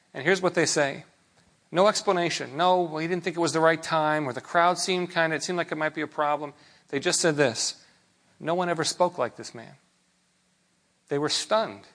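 A man preaching a sermon in a relaxed, conversational way, with rhetorical questions and frequent restarts. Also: fairly high pitch. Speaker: pastor.

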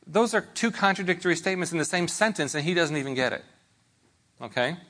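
A man's voice: on the high side, animated, fast, sharp tone. A man preaching a sermon in a conversational way, often checking in with his listeners.

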